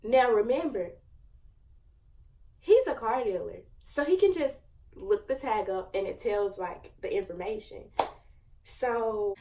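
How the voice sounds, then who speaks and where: A young woman in her late teens tells a story to her viewers in a chatty, slang-heavy way, piling on fillers and dramatic asides. Her voice sits at an ordinary middle pitch and is picked up from a little distance from the mic. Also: animated, slow, pauses often, warm tone, slight background noise. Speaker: vlogger. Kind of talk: casual storytime.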